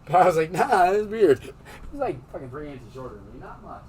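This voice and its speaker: A man's voice: fairly high pitch, sing-song, a little fast, darkish tone. Rambling, laughing man, far from the mic. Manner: rambling and profane, laughing often. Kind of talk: casual storytelling.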